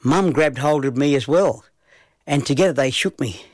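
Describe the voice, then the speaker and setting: A man telling a children's story in an unhurried storytelling manner. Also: on the high side, darkish tone, no echo.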